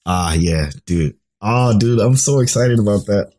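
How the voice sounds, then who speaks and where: A young man with a lowish voice co-hosts a podcast in casual chat. He recaps episodes excitedly, swearing now and then, and piles on quick asides. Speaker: podcast co-host.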